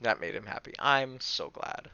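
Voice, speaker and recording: Lively man streaming a game. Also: mid-range voice, clear, resonant tone, muffled recording. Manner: chatty, thinks aloud, quick to laugh. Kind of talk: live gameplay commentary. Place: at home.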